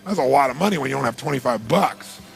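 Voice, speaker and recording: A male motivational speaker telling a story in an animated, emphatic way and asking the audience rhetorical questions. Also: mid-range voice, quick pace, vocal fry, faint music behind. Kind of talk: storytelling speech.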